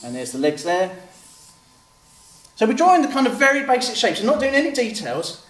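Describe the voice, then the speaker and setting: An author and illustrator with a very high-pitched, slightly bright voice talks briskly and with great animation. He chats through a step-by-step drawing demo and acts out children's replies. The sound is roomy, with a distant mic and faint background noise.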